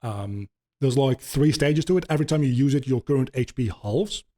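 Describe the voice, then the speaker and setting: A man's voice: medium pitch, fairly quick, mellow. A man hosting a podcast, rambling casually with many ums and swears as he explains video game lore. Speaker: podcast host.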